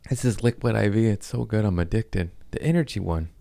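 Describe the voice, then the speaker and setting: Very deep-voiced giggly stoned man. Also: a little fast, vocal fry, warm tone. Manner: giggly, stoned, self-mocking with bursts of laughter. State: high. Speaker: comedian podcast host. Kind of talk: casual rambling chat.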